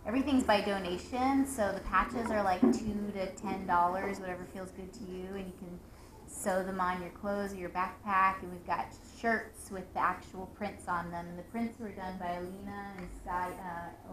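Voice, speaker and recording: A woman speaks casually to an audience, relaxed and rambling with frequent fillers. The room is echoey, and clear room noise sits behind her. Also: medium pitch. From United States.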